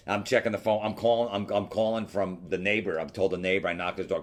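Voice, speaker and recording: A man with a very low voice tells a rambling, profane story on a podcast. He hosts the show and keeps the talk loose and casual, piling on swearing as he goes. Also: level tone, quick pace, hardly any pauses. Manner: profane, rambling anecdote delivery. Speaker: podcast host.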